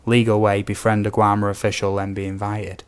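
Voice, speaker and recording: Brisk and monotone, this young British gaming streamer has a fairly low pitch and a clean tone. His live-stream chat is casual and rambling, with viewer questions read out among many ums and asides.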